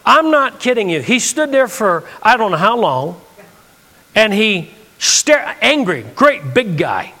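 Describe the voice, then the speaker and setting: A man's voice: sits high, sing-song, slow pace, pushed and bright, in a large hall. A man preaching a sermon from the United States, telling a story and acting out the dialogue.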